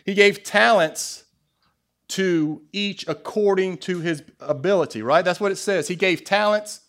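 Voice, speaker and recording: A man with a Southern US accent preaching a sermon to his church, lively, with asides and jokes to the congregation. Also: high-pitched, unhurried. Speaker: pastor. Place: church sanctuary.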